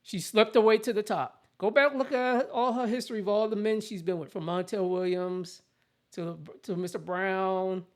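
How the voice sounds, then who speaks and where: A host delivering casual political commentary in a blunt, opinionated rant. The voice sits in a middle pitch and talks in plain everyday terms. Sentences often break off and start again. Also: steady tone, moderate pace.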